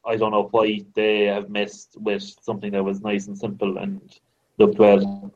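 A man's voice: lowish voice, normal speed. Podcast guest man on a dull line. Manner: relaxed, hesitant, agreeable. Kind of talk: casual podcast chat.

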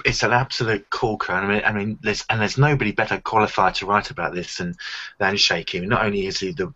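Low, bright-toned man chatting on a podcast. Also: breathy edge. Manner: enthusiastic, repeats words as he gathers his thoughts. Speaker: podcast co-host. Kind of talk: casual chat. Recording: dull lo-fi sound.

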